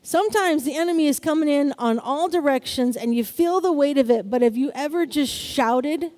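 A woman's voice: high-pitched, moderate pace, a little mellow, long reverb tail. A woman preaching a sermon in an upbeat way, often asking the congregation "Amen?".

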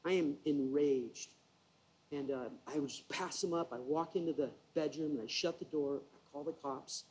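Preacher, male, husky and a touch high, lively storyteller from the pulpit. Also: low-quality recording. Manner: animated, conversational storytelling with self-deprecating asides. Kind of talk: sermon storytelling.

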